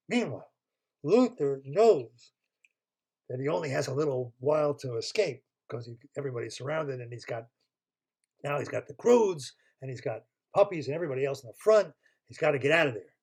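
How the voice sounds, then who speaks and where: An older man telling an improvised children's story over a computer call, pausing to quiz his listeners with multiple-choice questions in a playful, chatty way. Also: mid-range voice, darkish tone, breathy edge. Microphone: computer mic on a video call.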